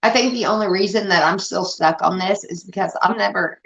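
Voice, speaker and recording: A woman's voice: mid-range voice, a little fast, a bit bright. A woman from Indiana hosting a livestream, ranting heatedly and swearing a lot in casual talk. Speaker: livestream host. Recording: dull lo-fi stream audio.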